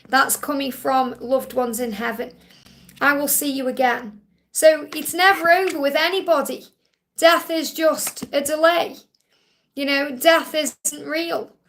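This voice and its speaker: A woman's voice: high voice, fairly even intonation, moderate pace, creaky, fairly bright tone. A woman hosting a live-stream psychic reading, talking earnestly and emotionally with many fillers. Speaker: psychic medium host.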